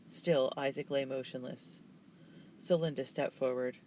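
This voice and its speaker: A man narrating a children's novel in a steady, measured way. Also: mid-range voice, a little hiss or hum, rough recording. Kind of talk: reading a children's novel aloud.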